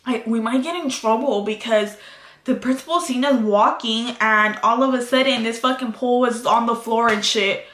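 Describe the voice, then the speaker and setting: A woman's voice: on the high side, moderate pace, fairly bright tone. A woman vlogger telling a casual story, swearing constantly and switching into Spanish. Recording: echoey room.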